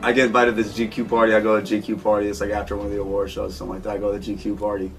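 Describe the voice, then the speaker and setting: A man's voice: on the low side, very fast, far from the mic, soft background music. A man telling a story as an interview guest, casual and slangy, acting out what people said. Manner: animated, acts out quotes, slangy.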